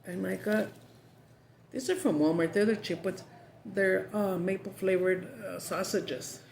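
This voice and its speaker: A woman's voice: medium pitch, steady tone, a little slow, creaky, darkish tone. A woman chatting casually while eating on camera, slipping into Spanish phrases as she talks. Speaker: mukbang vlogger. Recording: echoey room with background noise.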